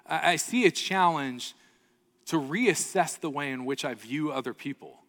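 A man's voice: mid-range voice, fairly bright tone. A man preaching a sermon as pastor, earnest and storytelling, often checking in with the congregation. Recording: long reverb of a large hall.

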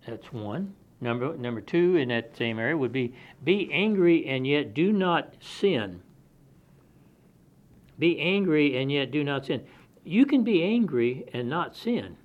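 A man's voice: on the high side, expressive, measured pace. A man preaching an expository sermon, reading scripture aloud and explaining it in a conversational, plain-spoken way. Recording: dull lo-fi sermon recording.

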